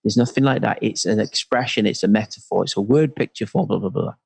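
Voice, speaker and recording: A man's voice: on the low side, quick pace, vocal fry, husky, no echo. A worship leader and church pastor, a man, talking in a conversational interview and acting out the people he quotes. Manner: animated storyteller, acts out quotes.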